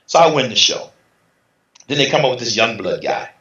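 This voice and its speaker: A man's voice: mid-range voice, brisk. Middle-aged guy telling old stories, acts out the quotes, echoey room, kinda muffled. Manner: animated, acts out quotes in other voices. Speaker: interview guest, retired bodybuilder. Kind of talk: casual storytelling. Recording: roomy, slightly dull sound.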